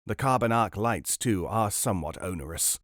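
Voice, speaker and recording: A man voicing a smooth, unflappable con man with a breezy, clubby manner. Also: lowish voice, lively intonation, moderate pace, a bit bright, dry recording, clean studio sound. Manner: breezy, jovial, clipped.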